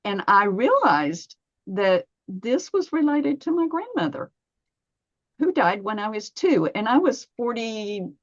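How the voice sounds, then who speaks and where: A woman's voice: a little high, big pitch swings, unhurried, dry recording, muffled recording. A woman in her fifties, a massage therapist, talking in a podcast interview, telling stories and acting out her own inner dialogue.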